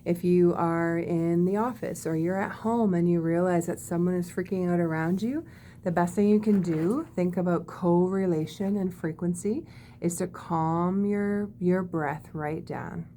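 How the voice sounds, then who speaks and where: A woman teaching body-calming techniques in a gentle, demonstrative way, often checking in with "okay?". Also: fairly low pitch, measured pace, slight background noise. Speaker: wellness teacher. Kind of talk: guided body-calming lesson.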